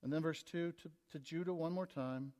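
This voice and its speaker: High-voiced man preaching in a reverberant hall. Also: normal speed. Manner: preaching with big swings between loud emphasis and quiet asides. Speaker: pastor. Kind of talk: sermon.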